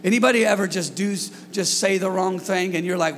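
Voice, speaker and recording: A man preaching a sermon to his congregation, energetic and calling out to them, sometimes shouting at his peaks. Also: fairly high pitch, fast, few pauses, big-room sound, noisy background. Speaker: pastor. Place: church hall.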